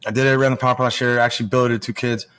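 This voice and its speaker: A man in his forties tells loose stories as a podcast guest at a middle pitch, rambling and restarting as he goes. He swears freely and acts out the other voices in his stories. His delivery is casual and conversational. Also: flat delivery, racing, fairly bright tone, smooth. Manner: rambling, profane, acts out quoted dialogue. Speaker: podcast guest, former pro hockey player now junior coach. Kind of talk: casual storytelling chat.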